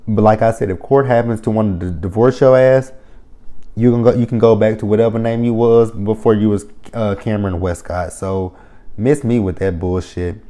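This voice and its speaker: Give me a man recapping reality TV in a loose, unscripted way. His voice sits a little low and sounds dark and mellow, and he swears bluntly between filler words. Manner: blunt, heavily profane, full of fillers. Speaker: reality TV reviewer. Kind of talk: casual opinionated commentary. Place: lives near the area the show covers.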